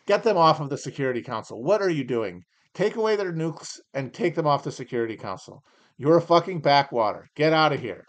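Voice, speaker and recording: A man hosting a comedy podcast, reading aloud and tossing off sarcastic, profane asides. He rambles and restarts, and his voice sits a little high for a man. The tone is loose, mocking banter. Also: big pitch swings, brisk. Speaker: podcast host. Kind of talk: casual comedic commentary.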